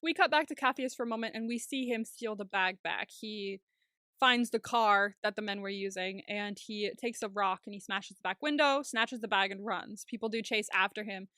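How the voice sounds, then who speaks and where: A woman co-hosting a podcast, casually recapping a TV episode in an animated way and laughing often. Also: medium pitch, normal speed, no room sound, clean studio sound. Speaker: podcast co-host.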